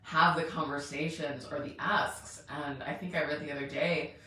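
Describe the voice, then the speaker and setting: A woman's voice: low voice, fairly even intonation, moderate pace, bright, forceful tone, very echoey, recorded from a distance, a little hiss or hum. A middle-aged woman hosting a live money challenge in a chatty, rambling way, laughing often and greeting viewers by name. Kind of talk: casual live-stream chat.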